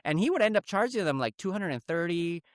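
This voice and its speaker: A man's voice: high-pitched, big pitch swings, quick pace, dry recording, studio quality. A man co-hosting a podcast, telling a story in casual chat and acting out phone calls in put-on voices. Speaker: podcast co-host.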